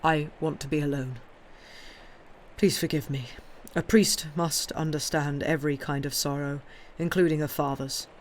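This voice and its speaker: A woman's voice: low voice, steady tone, moderate pace, slight background noise, lightly acted. A woman voicing a curt grieving father. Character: grieving father, stern crown prosecutor.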